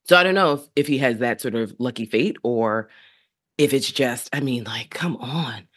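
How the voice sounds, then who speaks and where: Co-host, woman, lively swooping delivery, emphatic, casual political chat. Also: very deep voice, moderate pace. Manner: animated, emphatic, quotes people in voices.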